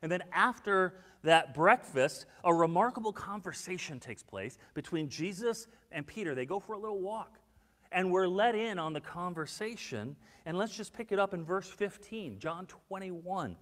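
A male pastor delivering a sermon with a fairly high voice. He moves from ringing emphasis to soft, confiding asides. The sound trails off into a long reverb, as in a church sanctuary. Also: normal speed. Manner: expressive, swings from loud emphasis to hushed, intimate asides.

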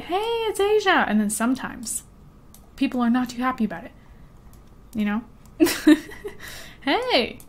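A young woman rambling and giggling as she plays a life-sim game, easily distracted and chatty. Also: a little high. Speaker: gaming YouTuber. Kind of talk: rambling let's play commentary with story time.

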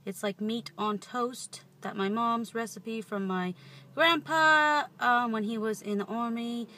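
A woman's voice: fairly high pitch, measured pace, bright, forceful tone. A young woman in her twenties vlogging from inside a parked car. She rambles playfully in a put-on British accent. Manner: playful, rambling, self-amused. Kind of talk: casual vlog chat. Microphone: handheld camera close up.

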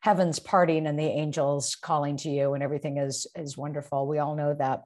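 A woman with a low-pitched voice talks through a Bible passage on a video call. She is reflective and searching, circling back and restarting her sentences as she thinks aloud. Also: flat delivery, moderate pace, hardly any pauses, a little mellow. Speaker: seminary professor, podcast co-host. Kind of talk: casual discussion of scripture.

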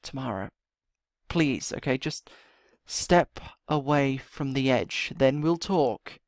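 A man's voice: mid-range voice, animated, slow, no room sound, clean studio sound. A man voicing his character in a game role-play, muttering to himself with sighs and then pleading urgently. He is out of breath. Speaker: roleplay series host playing his character.

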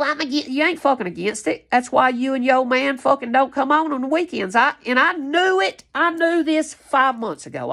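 A woman's voice: fairly high pitch, vocal fry. An angry woman, ranting at her viewers in a heated, profane, confrontational way. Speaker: tarot reader vlogger.

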